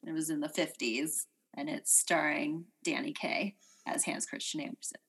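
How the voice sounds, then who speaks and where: Chatty American woman, low-pitched. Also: steady tone, moderate pace, gravelly, a bit bright, husky. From United States. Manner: chatty, laughs often, trails off with fillers. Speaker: podcast co-host. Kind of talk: casual chat.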